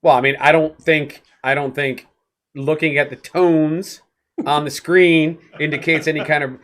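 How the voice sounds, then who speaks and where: A man's voice: fairly high pitch, steady tone, a little slow, fairly bright tone. A middle-aged man co-hosting a podcast in casual, jokey, rambling chat. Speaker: podcast co-host.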